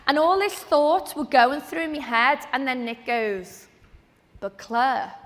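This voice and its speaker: A woman, giving a lively, chatty motivational talk on stage at a business event. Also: high voice, a little slow. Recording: long reverb of a large hall.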